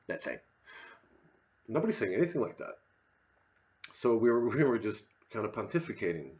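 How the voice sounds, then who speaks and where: This male comedian's mid-range voice has a sing-song quality, moving at a moderate pace with long pauses. His solo-show rant is angry, sardonic and profane, captured on somewhat muffled, slightly dull lo-fi audio.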